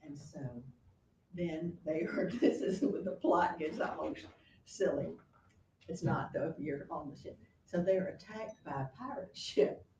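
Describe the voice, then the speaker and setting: A woman teacher lecturing her class, retelling a play with lively storytelling and acted-out quotes. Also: deep voice, unhurried, dull audio, a little hiss or hum. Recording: roomy classroom from a distance.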